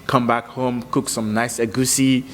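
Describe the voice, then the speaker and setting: A man from Africa, a musician guest, chatting casually in an animated, slangy way and laughing often. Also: mid-range voice, normal speed, long reverb tail. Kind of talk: casual chat.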